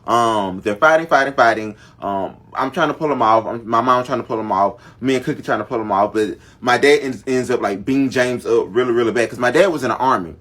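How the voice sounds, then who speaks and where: A man's voice: medium pitch, fairly quick, few pauses, a bit bright. A man telling a long family story in casual storytime fashion, dramatic and talking straight to his viewers. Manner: dramatic, addresses viewers directly. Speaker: storytime vlogger.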